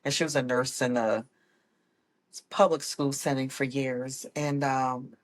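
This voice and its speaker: A woman guest telling her personal story in a casual, lively way, often correcting herself as she goes. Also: very deep voice, a little slow. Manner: animated, acts out quoted people with voice changes; laughs often, corrects herself mid-sentence. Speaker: guest, autism mom.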